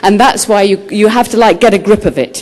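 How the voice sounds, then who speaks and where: A woman author answering students' questions, telling stories in a lively way and acting out the quotes. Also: medium pitch, a little fast, background noise. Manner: lively storyteller who acts out quotes. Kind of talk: school talk answering questions. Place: high school.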